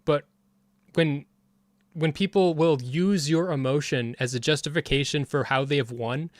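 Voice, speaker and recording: A man's voice: on the high side, normal speed, dry recording, studio quality. A man commenting casually on a debate clip, heated and rambling with frequent restarts. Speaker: streamer reviewing a debate.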